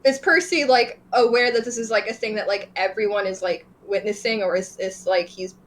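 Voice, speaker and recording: A woman's voice: mid-range voice, fairly quick, poor audio. Woman tabletop player, stammering, filler-heavy, casual. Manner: stammering, lots of likes. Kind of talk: casual game chat.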